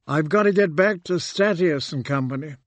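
Brisk young woman as a male narrator puts her on, short and to the point, voiced a bit higher in a dry, close reading. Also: no room sound, lightly acted.

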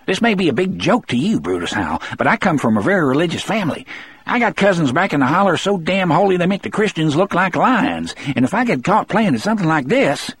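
A man voicing a nervous, irritable prison guard with a thin, scolding, high-strung manner. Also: very animated, quick pace, fairly bright tone, slightly rough, exaggerated voice.

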